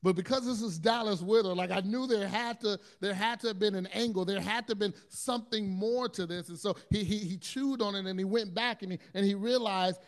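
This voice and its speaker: A man preaching a sermon in an earnest storytelling manner, often repeating words and restarting his sentences, moving between hushed low passages and loud, intense ones. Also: a little fast, few pauses. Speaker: pastor.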